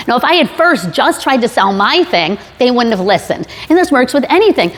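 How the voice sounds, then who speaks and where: A woman's voice: on the high side, big pitch swings, brisk, few pauses. A woman giving a casual sales talk to a live audience, chatty and jokey with many fillers and restarts. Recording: long hall reverb.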